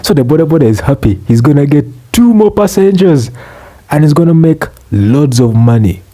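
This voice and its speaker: A young man ranting in a profane, exasperated comic vlog, swearing and bursting out loudly. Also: fairly high pitch, animated, moderate pace. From Uganda. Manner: exasperated, swearing, loud outbursts. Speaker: vlogger.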